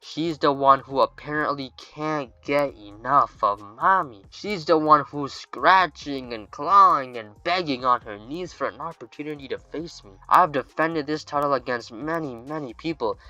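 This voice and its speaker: A man's voice: fairly high pitch, normal speed, few pauses, pushed and bright, no room sound. A man reading as a cocky female wrestling champion. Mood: taunting. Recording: dull lo-fi dry recording.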